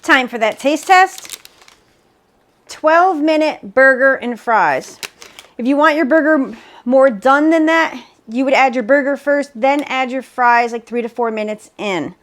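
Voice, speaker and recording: A woman's voice: high-pitched, a little slow, a bit bright. A woman hosting a home cooking video, narrating each step with upbeat enthusiasm. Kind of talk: cooking demonstration.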